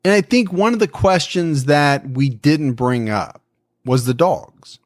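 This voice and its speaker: A man's voice: fairly high pitch, dry recording, clean studio sound. A man co-hosting a true-crime podcast, talking through a case in a musing, conversational way. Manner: musing, conversational, quick to laugh. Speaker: podcast co-host.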